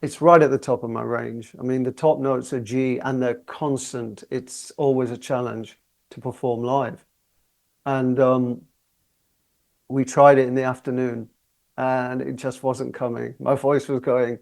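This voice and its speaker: A man in his sixties sits as a guest in an interview, spinning anecdotes in a loose, conversational way. He talks easily and breaks into laughter often. His voice sits at an ordinary middle pitch. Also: steady tone, a little slow, gravelly, a little mellow. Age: 60s. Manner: chatty, often laughing while telling anecdotes. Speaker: guest singer. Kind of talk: relaxed storytelling interview.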